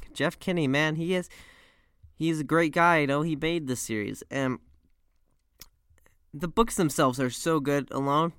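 A man's voice: fairly high pitch, fairly bright tone, smooth, no echo, clean studio sound. A teenage boy rambling animatedly in slang as he reviews a movie series. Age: teens.

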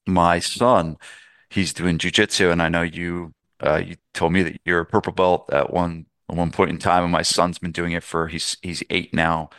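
Middle-aged male podcast host, low gravelly voice, smooth dry sound, eager rambling chat. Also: little pitch movement, normal speed, a bit bright, no echo. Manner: enthusiastic, rambling with restarts. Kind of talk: casual interview chat.

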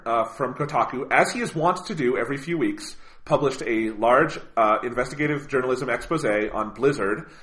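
Man, podcast co-host, casual chat, bright voice, animated, swears a lot. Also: mid-range voice. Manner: animated, swears freely, lots of "like" and "you know".

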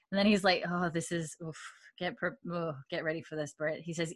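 A woman's voice: on the low side, steady tone, moderate pace, a bit bright. A woman casually recapping a TV episode, acting out the characters' lines with swearing and laughter.

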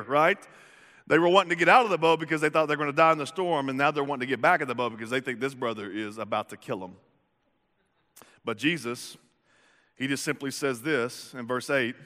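A man preaching a sermon, animated and jokey. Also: fairly high pitch, brisk. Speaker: pastor. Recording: echoey hall reverb.

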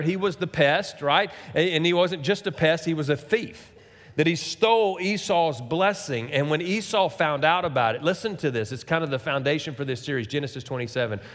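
Pastor preaching in a reverberant hall. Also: male voice, a little high, fairly bright tone. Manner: conversational preaching with rhetorical questions and asides. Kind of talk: sermon. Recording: long reverb of a large hall.

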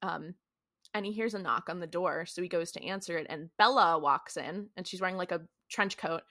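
A woman's voice: fairly low pitch, brisk, sharp tone, dry recording, clean studio sound. A woman co-hosting a podcast, casually recapping a TV episode and acting out the characters' lines. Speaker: podcast co-host.

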